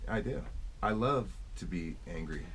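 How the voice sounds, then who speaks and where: A man's voice: lowish voice, animated, moderate pace, crowd noise. A man guest on a radio talk show, talking bluntly and profanely in casual chat. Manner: blunt and profane, joking about anger. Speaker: musician guest.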